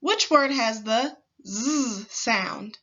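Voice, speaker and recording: A woman teacher leading a slow, clear phonics lesson for young children, patiently sounding out words with deliberate pauses. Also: on the high side, bright, forceful tone, lo-fi sound.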